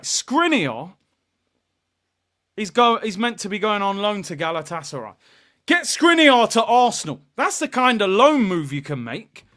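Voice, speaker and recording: High, bright-voiced man ranting. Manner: ranting, exasperated, frequent shouting. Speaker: fan watchalong host. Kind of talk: live football watchalong reaction.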